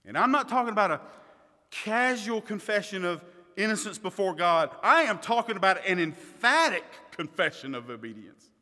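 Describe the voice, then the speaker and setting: A man preaching a sermon as pastor, emphatic, swinging between loud stresses and quiet asides. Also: high-pitched, very animated, normal speed. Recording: long reverb of a hall.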